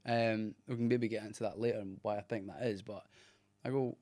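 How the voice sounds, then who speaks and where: Animated male guest, dry sound. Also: fairly low pitch, a little fast, dry recording. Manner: animated storyteller, laughs often. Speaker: guest actor. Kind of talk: casual chat.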